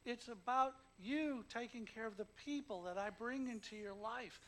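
A man preaching a sermon, telling stories with acted-out quotes and swinging between hushed and loud emphatic delivery. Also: extremely high pitch, animated, normal speed, low-quality recording. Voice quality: emotional, emphatic.

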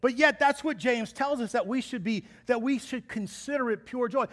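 Brief: man, high voice, pastor giving a sermon, animated and playful, acts out quotes. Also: moderate pace, few pauses. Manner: lively, joking preacher who acts out quotes.

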